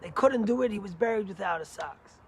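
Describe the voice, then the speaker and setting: A man, a rabbi, giving a sermon with animated, emphatic storytelling. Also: sits high, brisk, slight background noise.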